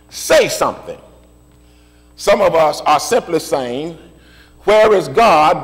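A man preaching a sermon, repeating his phrases in a steady rhythm and building up to shouted refrains. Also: a little high, long reverb tail, poor audio. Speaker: pastor.

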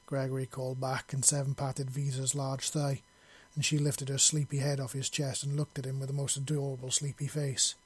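A man narrating a story in a steady, even storytelling voice. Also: medium pitch, brisk, breathy edge, no room sound. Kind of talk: audiobook narration.

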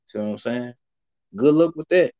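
A man's voice: mid-range voice, moderate pace. A young man hosting a podcast, telling stories in a loose, profane, casual chat. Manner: loose, profane storytelling with animated swings. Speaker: podcast host.

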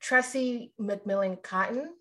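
A woman's voice: a little high, slow pace, fairly bright tone. Chatty woman podcast co-host. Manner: chatty, meandering, with asides to listeners. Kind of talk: casual chat.

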